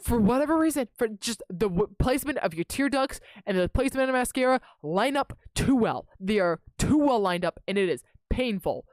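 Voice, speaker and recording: A woman's voice: fairly high pitch, dry recording. A young woman streamer casually telling a rambling, self-interrupting story to her live chat, dramatizing her own reactions.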